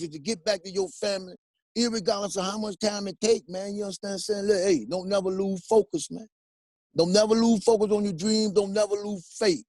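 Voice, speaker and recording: Earnest older man with a higher voice. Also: a little mellow, dry recording. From United States. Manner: earnest, repeats "man" and "you understand". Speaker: guest, exoneree. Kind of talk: emotional phone interview.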